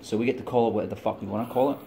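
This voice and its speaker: A man's voice: lowish voice, steady tone, very fast, mellow, a little hiss or hum. A middle-aged man with a Scottish accent, vlogging in a rambling, digressive monologue, chatty and laughing often. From Scotland.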